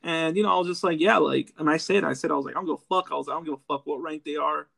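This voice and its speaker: Guy ranting fast and cussing, gravelly kinda high voice, dry mic. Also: fairly even intonation, a bit bright, no echo. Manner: heated, profane, fast rant. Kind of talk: casual chat.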